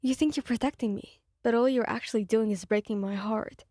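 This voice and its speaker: A woman's voice: a little high, fairly quick, mellow, dry recording, studio quality, close to an everyday voice. A woman voicing a heartbroken young listener whose words tremble with hurt in an ASMR audio story.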